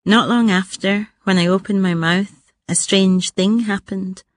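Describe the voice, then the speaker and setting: Scottish-born woman reading a poem, real unhurried, dry close sound, even middle voice. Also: mid-range voice, dry recording. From Scotland. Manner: measured, rhythmic delivery, lingering on words. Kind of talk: poetry recitation.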